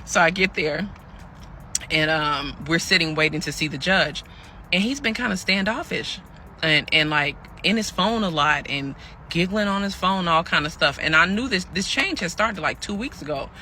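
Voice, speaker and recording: A man with a higher-than-average voice tells a pregnant young woman's story in her voice, animated and at a moderate pace, with a sharp edge and slight background noise. Chatty and calling his listeners "y'all," he acts out her quoted lines in a storytelling monologue that sounds weary and aggrieved.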